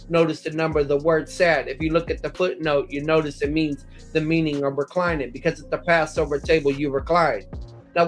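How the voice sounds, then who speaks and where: A man lecturing on scripture, working methodically through passages and citing chapter and verse as he explains them. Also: a little high. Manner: methodical, cites verse numbers, quotes passages aloud. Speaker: Bible teacher.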